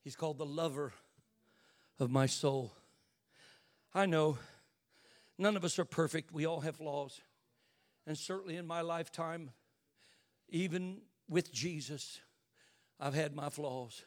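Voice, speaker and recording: An older man preaching an impassioned sermon as a bishop, dropping to hushed asides and rising to shouts. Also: fairly high pitch, measured pace, long pauses.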